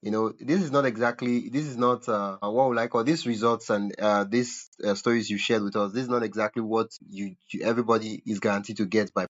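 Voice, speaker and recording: A man hosting a podcast, asking a question haltingly with many pauses. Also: lowish voice, fairly even intonation, dull audio. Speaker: podcast host. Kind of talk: interview questions.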